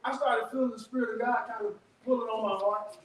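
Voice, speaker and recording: A man giving an animated testimony talk to a workshop audience, telling stories in casual vernacular. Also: very high voice, fast. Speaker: workshop speaker. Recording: echoey room, distant mic, background noise.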